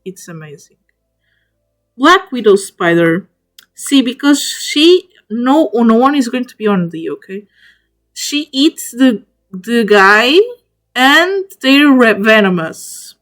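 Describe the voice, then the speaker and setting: A woman's voice: on the high side, big pitch swings, slow pace, a bit bright. A woman streamer chatting casually to viewers, gushing over each animal she ranks and talking to them directly, often stopping and restarting mid-word. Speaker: streamer ranking spiders in a tier list.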